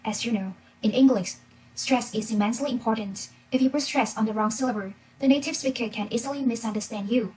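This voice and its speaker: A woman's voice: on the high side, quick pace, darkish tone, slightly rough, poor audio. A young woman from Vietnam, a student, presenting a class talk in an engaging way and asking the listener questions. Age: young adult.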